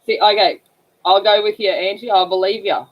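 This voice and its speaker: A mid-range, scratchy female voice with fairly even intonation moves at a normal speed. The speaker, from northern Australia with an Australian accent, rambles casually with many fillers while hosting a coloring livestream.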